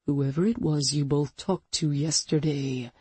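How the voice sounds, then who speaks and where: Give me a woman playing a barking, gruff man, low and dark. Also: a little slow, no echo. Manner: growling, barking. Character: gruff commanding adult man, quick-tempered.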